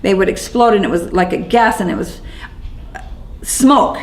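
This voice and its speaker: A woman with a gravelly, creaky voice recounts events she witnessed in an interview. Her speech is halting and shaken, full of restarts and repeated words, at a mid pitch. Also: poor audio. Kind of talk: first-person eyewitness account.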